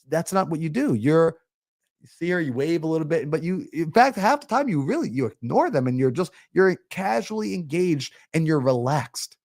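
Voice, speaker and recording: A man coaching on a live stream, energetic and preachy, acting out little everyday scenes. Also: fairly high pitch, moderate pace. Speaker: mindset coach. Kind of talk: motivational live-stream talk.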